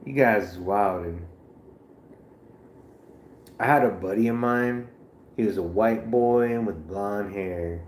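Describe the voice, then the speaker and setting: A man's voice: on the low side, slow, long pauses, reverberant, slight background noise. A man live streaming in casual chat, rambling and profane, full of slang.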